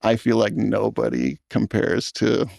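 Director guy talking slow and earnest, real gravelly, dry mic. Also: on the low side, level tone, a little mellow, no echo. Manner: thoughtful, halting, earnest. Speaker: film director guest. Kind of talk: reflective interview talk.

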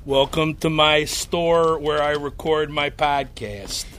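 A man from Chicago with a Chicago accent, a podcaster talking in a wry, animated way. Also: a little high, takes it slowly, noisy background. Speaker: podcaster and musician. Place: vintage shop with clothing racks.

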